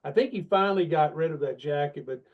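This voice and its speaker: A man's voice: on the high side, fast talker. Storytelling man on a dull, lo-fi recording. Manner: self-deprecating, animated storyteller. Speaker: guest, longtime sales leader. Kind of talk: casual podcast interview. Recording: dull, lo-fi sound.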